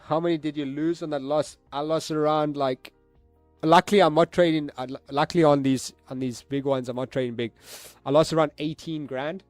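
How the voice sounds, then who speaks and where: Brief: male live-streamer, pitched a touch high, excitable and slangy with loose swearing, dry close sound, faint music behind. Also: fairly quick, no room sound. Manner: excitable, laughing, swears freely, street slang. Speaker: livestreaming forex trader. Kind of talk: casual live-stream chat to viewers.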